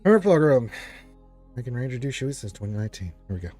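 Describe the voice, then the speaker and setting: A man's voice: medium pitch, sing-song, quick pace, dark tone, soft background music. A man hosting a casual live stream, greeting viewers and reading chat aloud in a rambling, playful way. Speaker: livestream host.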